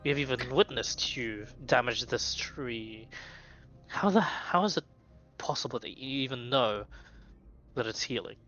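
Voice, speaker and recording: A man's voice: mid-range voice, a little slow, bright, forceful tone, dull audio, soft background music. A man voicing a stern, burly male archdruid who accuses captives. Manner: imperious, accusing.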